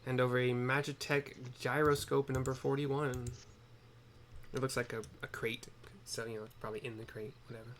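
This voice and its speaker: A man's voice: medium pitch, little pitch movement, normal speed, a bit bright, a little hiss or hum. A man giving casual, rambling commentary on a game playthrough and often correcting himself. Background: game music.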